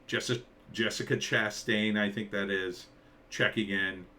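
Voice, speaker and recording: Bright-voiced rambling man ranting. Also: steady tone, a little slow, a little hiss or hum. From New Jersey. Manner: rambling, sardonic, jumps into mock-surprised high quotes. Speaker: commentator. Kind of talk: casual trailer reaction rant.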